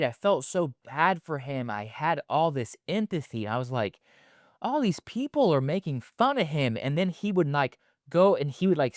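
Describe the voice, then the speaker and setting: A man's voice: on the high side, dry recording, studio quality. Rambling thirties man with a stutter. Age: 30s. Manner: rambling, filler-heavy, loose and candid. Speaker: podcast host. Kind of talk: casual podcast monologue.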